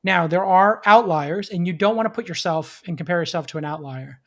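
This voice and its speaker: Energetic man advising startup founders. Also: high voice. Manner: energetic, plays an auctioneer in quick bursts. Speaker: podcast host. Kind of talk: live podcast talk, advising founders.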